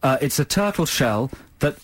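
Man, radio co-host, husky voice, playful banter. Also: on the high side, animated, normal speed. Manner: jokey, playful, teasing.

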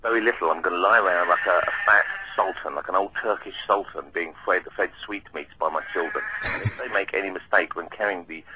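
A man's voice: low voice, fairly quick, background noise. A man calling in to a radio show from his back garden, chatting and teasing playfully. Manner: playful, teasing, mimics voices. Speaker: caller. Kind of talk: casual chat on phone. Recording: phone line.

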